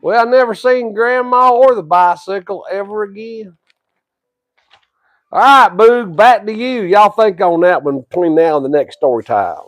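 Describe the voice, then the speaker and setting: A man's voice: sits high, normal speed, no room sound. A man in his sixties with a drawl, telling a rambling tall tale and chatting casually as co-host. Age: 60s. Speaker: co-host, grandfather. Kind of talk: folksy storytelling and casual wrestling chat.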